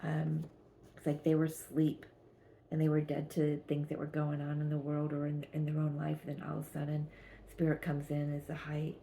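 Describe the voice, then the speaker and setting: A woman with a low, gravelly voice reads tarot cards in a gentle, halting way, often restarting her sentences. Her delivery stays flat and even, with a mellow, dark tone. Faint noise sits behind her. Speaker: tarot reader. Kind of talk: channeled tarot reading.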